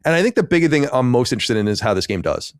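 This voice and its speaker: A man's voice: medium pitch, very animated, fast, clean tone, no room sound, clean studio sound. A man co-hosting a podcast, chatting casually and rambling, with many restarts and fillers. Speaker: podcast co-host. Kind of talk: casual chat.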